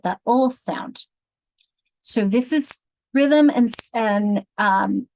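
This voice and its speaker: A woman leading an online teacher training on reading instruction from home, explaining patiently and slowly sounding out example words. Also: mid-range voice, no echo, low-quality recording. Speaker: literacy instructor.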